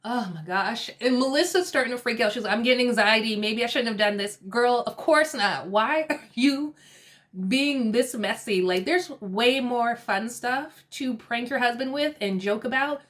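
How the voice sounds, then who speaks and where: A woman recapping a reality TV episode in casual chat. She laughs often and acts out quoted lines with lively bursts. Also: a little high, a little slow. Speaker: TV recap vlogger.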